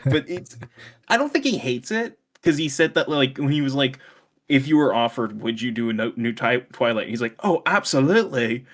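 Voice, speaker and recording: A man's voice: mid-range voice, normal speed. A young man co-hosting a podcast in casual chat, rambling, laughing often and swearing freely. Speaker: podcast co-host.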